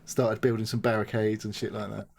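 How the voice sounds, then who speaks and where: A man with a fairly low voice chats casually on a gaming podcast. He rambles, swears freely and slips into acting out what people said. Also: level tone, brisk, gravelly, darkish tone. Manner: rambling, swears a lot, acts out quotes. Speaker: podcast co-host.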